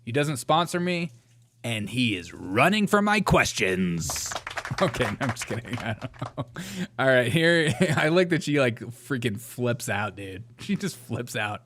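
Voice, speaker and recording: A man's voice: medium pitch, very animated, unhurried, fairly bright tone, slight background noise. Laughing, mocking man reacting to clips. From Georgia, USA. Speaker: host. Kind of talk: reaction commentary.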